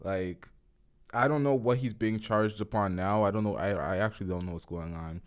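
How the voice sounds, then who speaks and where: A man's voice: lowish voice, moderate pace, clear, resonant tone. A man hosting a podcast, giving blunt, profane, offhand reaction commentary. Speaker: podcast host.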